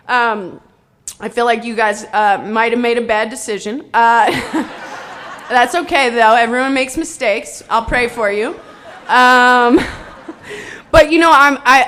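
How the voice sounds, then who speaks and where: A woman in her twenties giving an excitable, joking, self-deprecating speech to a live audience at a convention, rambling with fillers. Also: fairly high pitch. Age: 20s. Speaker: convention speaker.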